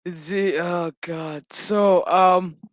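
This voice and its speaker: A man's voice: high-pitched, fairly even intonation, very slow, no room sound. A man giving a casual, profane recap of a TV episode, laughing often as he tells it loosely. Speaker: show recap host.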